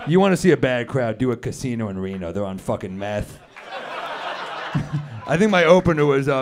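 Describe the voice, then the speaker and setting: A male comedian trades blunt, profane banter on stage. His voice sits in a middle register, and a steady hiss lies under the recording. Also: mid-range voice, brisk, long pauses. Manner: blunt, profane, dry asides. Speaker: guest comedian. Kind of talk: stand-up crowd work, casual banter.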